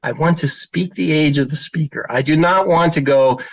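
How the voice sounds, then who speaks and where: A man's voice: mid-range voice, a little fast, few pauses, a bit bright, no room sound, rough recording. A middle-aged man who works as a child therapist, giving a presentation talk with slides and telling stories in an informal way with fillers, now and then putting on children's voices.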